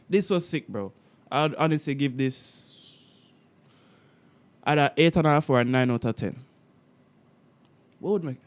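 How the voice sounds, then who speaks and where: A man from Jamaica hosting a casual music reaction video. He is animated and slangy, with frequent swearing and laughter. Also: on the high side. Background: the reacted song playing faintly.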